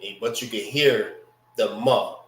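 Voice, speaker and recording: Slow-talking man teaching in an echoey room. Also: lowish voice, fairly even intonation. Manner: slow, repeats words for students to follow. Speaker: language class teacher. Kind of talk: classroom lesson on pronunciation. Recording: echoey room, mic far off.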